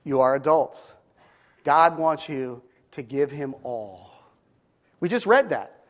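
Preacher, male, fairly high voice, earnest and emphatic sermon delivery with stories. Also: animated, a little slow.

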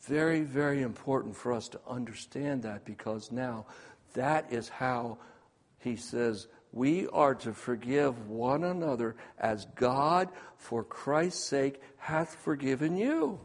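Emphatic preacher with a hall echo. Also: male voice, mid-range voice, expressive, takes it slowly. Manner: swings from hushed to loud, emphatic preaching. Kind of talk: sermon.

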